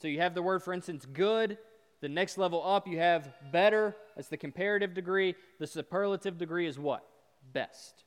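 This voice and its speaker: A man preaching a sermon, emphatic, swelling loud on repeated words and dropping soft to make a point. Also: high voice, moderate pace. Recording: long hall reverb.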